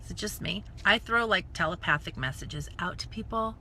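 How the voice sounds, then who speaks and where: A woman from the United States telling a story in a casual, animated live stream, acting out voices and dropping into whispered asides. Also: on the low side, normal speed, a little hiss or hum. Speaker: network marketing coach. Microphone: phone or webcam live stream.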